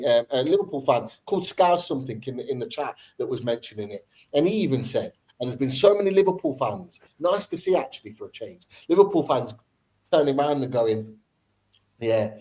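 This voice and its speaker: A man's voice: medium pitch, darkish tone, low-quality recording. Passionate man ranting in a fan debate. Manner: passionate, ranting, repeats points for emphasis. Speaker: football podcast host.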